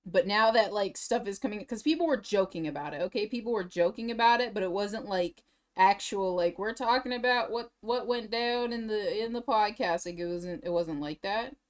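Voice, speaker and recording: A woman streaming and chatting casually, tired and drained, rambling with emotional swings and nervous laughs. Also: mid-range voice. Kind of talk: casual livestream chat.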